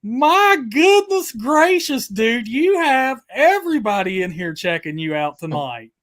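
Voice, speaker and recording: A man hosting a livestream chat, excitable and hyping up his guest and viewers. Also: very high voice, a little slow. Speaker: host.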